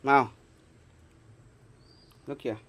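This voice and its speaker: A young man vlogging casually to his viewers while coaxing his pet cat, often calling out loudly. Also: drawn-out words, dull audio, a little hiss or hum. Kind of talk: casual vlog talk to camera.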